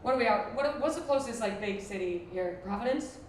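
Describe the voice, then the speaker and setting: A Buffalo, New York comedian in her thirties delivers a brash, crude, self-mocking stand-up set before a live crowd in a former library. Her voice sits a little high and comes across expressive and brisk. The distant room mic picks up echo, noise, and audience laughter.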